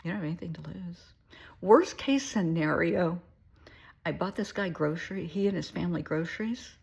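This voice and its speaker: A middle-aged woman speaking as a therapist, talking earnestly in a folksy way and often dropping to a soft, breathy near-whisper. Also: on the low side, normal speed. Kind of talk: casual heartfelt monologue.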